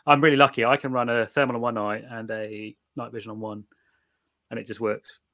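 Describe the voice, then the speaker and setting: A middle-aged British man chatting casually, telling animated stories with many restarts and the odd swear word. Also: medium pitch, brisk, no room sound, clean studio sound. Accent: British English. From Britain. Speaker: guest reviewer of night vision gear. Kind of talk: casual chat.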